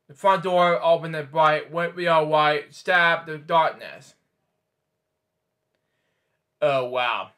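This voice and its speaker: A man with a bright, slightly high voice reads a bedtime picture book aloud. He stumbles, restarts words and wanders off into chatty asides between pages. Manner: rambling, stumbling, many restarts and side comments. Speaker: storyteller host.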